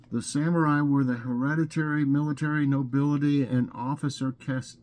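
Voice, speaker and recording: A man hosting a casual vlog, reading trivia questions aloud and thinking out loud with fillers. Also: mid-range voice. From Scotland. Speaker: vlog host.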